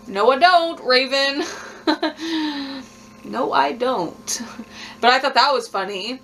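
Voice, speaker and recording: A woman's voice: on the high side, a bit bright, slight background noise. A young woman, recapping a reality show in a blunt, sassy, laughing way. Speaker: vlogger.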